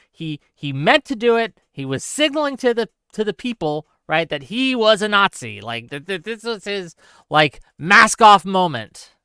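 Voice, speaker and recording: A man's voice: high voice, pushed and bright, smooth, no room sound. A man hosting a livestream, reading out chat comments and ranting in a sarcastic, exasperated way. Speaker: streamer host.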